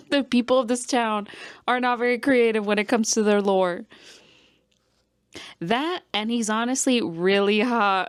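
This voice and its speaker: A young woman vlogging casually about a book she is reading, talking in an animated way, laughing often and swearing freely. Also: a little high, a little slow, long pauses, clear, resonant tone. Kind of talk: casual vlog chat.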